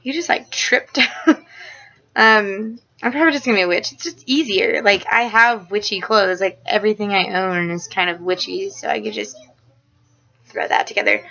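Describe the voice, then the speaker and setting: A young woman and mother chatting casually in a home vlog. She fills her talk with fillers, jumps between topics and gets giggly and excitable. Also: mid-range voice, normal speed, gravelly. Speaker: vlogger and mother. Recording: slightly dull home-video sound.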